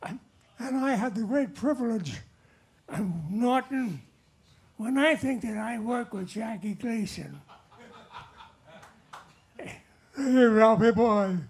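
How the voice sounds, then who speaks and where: Older man, halting and wandering, accepting an award on stage. Slow delivery, husky. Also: extremely high pitch, expressive. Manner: halting and wandering, with lots of restarts. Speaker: award honoree. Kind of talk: rambling speech with told jokes. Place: nightclub stage.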